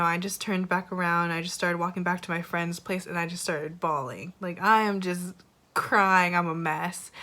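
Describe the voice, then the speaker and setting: A woman's voice: fairly low pitch, fairly bright tone. A young woman sharing a personal faith testimony in a candid, rambling way, with frequent fillers and self-conscious laughter. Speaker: church member sharing a devotional.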